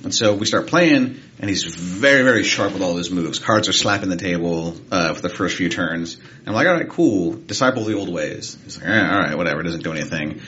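A man's voice: deep voice, fairly quick, muffled recording, slight background noise. A man co-hosting a podcast, telling a casual story and acting out what people said. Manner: animated anecdote telling with quoted voices. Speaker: podcast co-host.

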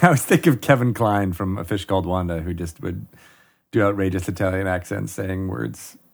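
A man's voice: low voice, brisk, vocal fry. A man co-hosting a podcast in casual chat, joking and laughing often. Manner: animated, jokey, laughs often. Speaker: podcast co-host.

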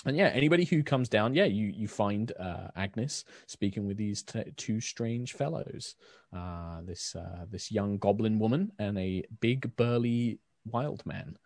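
A man narrating as dungeon master in a tabletop game, animated and casual with lots of filler words. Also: lowish voice, a little slow, no room sound, clean studio sound.

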